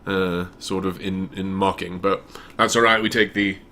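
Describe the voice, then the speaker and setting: A middle-aged man hosts a casual call-in chat, his tone bright and forceful. He explains at an easy pace, with ums and restarts as he thinks. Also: low-pitched, normal speed, a little hiss or hum. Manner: relaxed, explains patiently with fillers. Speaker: radio show host.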